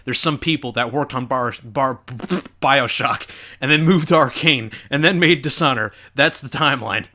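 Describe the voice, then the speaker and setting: A man's voice: medium pitch, moderate pace, pushed and bright. A young man hosting a gaming channel, giving rambling, self-mocking commentary over an old video of himself.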